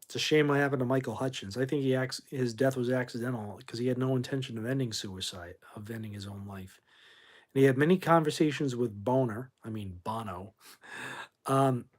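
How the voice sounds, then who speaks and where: A man hosting a late-night livestream about classic rock, sleepy and yawning, rambling bluntly with some swearing. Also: medium pitch. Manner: drowsy, rambling, blunt and profane. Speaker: livestream host.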